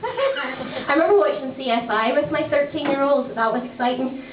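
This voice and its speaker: A woman's voice: high voice, lively intonation, normal speed. A woman in her thirties with a Northern Irish accent doing a chatty, brash stand-up set, swearing freely and laughing often. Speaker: stand-up comedian. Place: small comedy club stage. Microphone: handheld stage mic. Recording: tinny, distant, echoey club recording.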